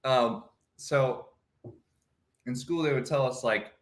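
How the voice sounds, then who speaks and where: A man's voice: mid-range voice, takes it slowly. A man co-hosting a casual morning chat, telling rambling, goofy stories. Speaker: co-host.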